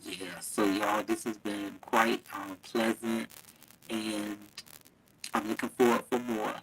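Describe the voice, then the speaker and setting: A man's voice: lowish voice, flat delivery, takes it slowly, vocal fry, fairly bright tone, a little hiss or hum, rough recording. A man hosting a casual live stream, chatty and affectionate, laughing often and talking straight to his viewers through a phone mic. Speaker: livestream host. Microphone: phone mic, held too close at first.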